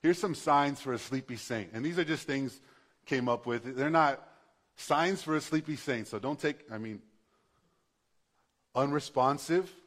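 A man's voice: mid-range voice, a little slow, long pauses, fairly bright tone. A male pastor preaching a sermon in a conversational, passionate way, building to emphatic bursts.

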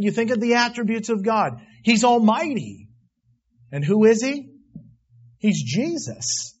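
A man preaching a sermon, swinging between loud emphatic declarations and quiet asides. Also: sits high, breathy edge, dull audio. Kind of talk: sermon on Revelation.

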